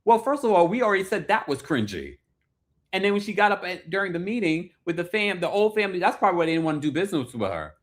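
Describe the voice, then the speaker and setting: A man's voice: high voice, sing-song, fast talker. A man hosting a reality TV recap, chatting playfully with sassy asides and reading out viewer super chats. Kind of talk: casual chat.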